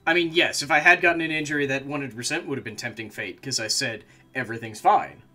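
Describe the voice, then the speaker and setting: Soft music plays behind this man's fairly high, fast, pushed and bright voice, which stays fairly even in intonation. He's streaming a game and chatting casually to himself, breaking now and then into angry bursts of swearing.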